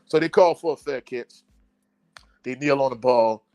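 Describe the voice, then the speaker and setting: A man's voice: mid-range voice, moderate pace, mellow. A man hosting a casual sports talk show, recapping a football game in a rambling, blunt way, full of fillers and self-corrections. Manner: blunt and exasperated about his team. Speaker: sports podcast host.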